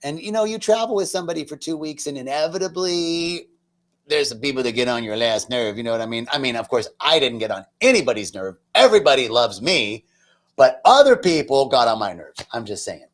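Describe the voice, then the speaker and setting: A man's voice: mid-range voice, sing-song. Man sharing an emotional spiritual story. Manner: emotional, slows down for emphasis, drops to a near whisper. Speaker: speaker at a retreat center. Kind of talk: personal spiritual testimony.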